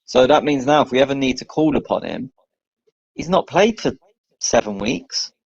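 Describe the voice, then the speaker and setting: A man's voice: mid-range voice, expressive, moderate pace, gravelly, husky, no room sound, dull audio. A man from the UK, co-hosting a football podcast, lays out his points in an easygoing, reasoned way. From United Kingdom. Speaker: podcast co-host. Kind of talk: casual football podcast chat.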